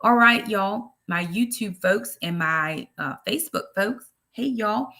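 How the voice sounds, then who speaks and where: A woman's voice: medium pitch, expressive, a little slow, sharp tone. A woman with a Southern US accent hosting a ministry livestream, chatting casually and greeting viewers by name. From Brooklyn, New York.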